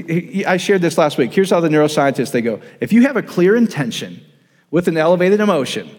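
A man's voice: fairly high pitch, a little mellow, in a large hall. A man preaching a sermon, emphatic and repetitive, often restarting his sentences. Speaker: pastor.

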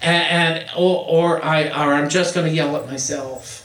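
A man's voice: fairly high pitch, fairly even intonation, moderate pace, fairly bright tone. A man giving an earnest, playful spiritual talk who acts out quotes now and then. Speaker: spiritual speaker. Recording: roomy, distant mic.

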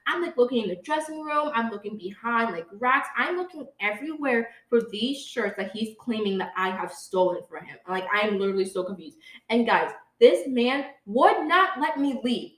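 Slightly high and animated, at normal speed, this young podcast co-host chats through a story, peppering it with "like" and talking straight to her audience as "guys." A distant mic gives a roomy sound.

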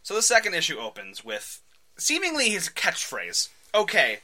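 Male podcast host, lively storyteller, very bright tone. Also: a little high, normal speed. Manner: animated, acts out voices, laughs often. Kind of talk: casual podcast chat, retelling a comic.

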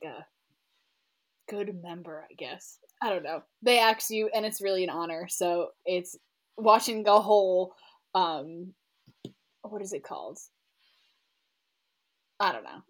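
A woman hosting a book club podcast, chatting enthusiastically and often trailing off. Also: lowish voice. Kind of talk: casual chat.

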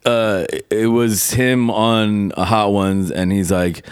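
A lower-pitched American man chatting on a podcast with a crude, heated, swear-heavy rant. The sound is dry and close. He talks casually and profanely. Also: a little slow, fairly bright tone, smooth, no room sound.

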